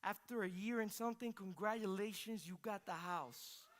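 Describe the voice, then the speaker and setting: A man voicing a calm, businesslike male real estate agent who speaks in a hushed, matter-of-fact way. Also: sits high, moderate pace, heavy background noise, natural voice.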